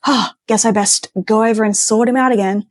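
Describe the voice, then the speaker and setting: Lazy small-town male cop, rambling and chummy, pitched high, as a woman puts him on. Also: steady tone, a little fast, lightly acted. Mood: chatty.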